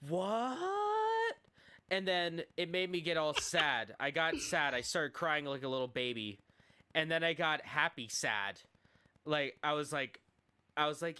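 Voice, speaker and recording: A man co-hosting a casual podcast, recapping a movie in an excitable, rambling way. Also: on the high side, clean tone. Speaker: podcast co-host. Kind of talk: casual chat.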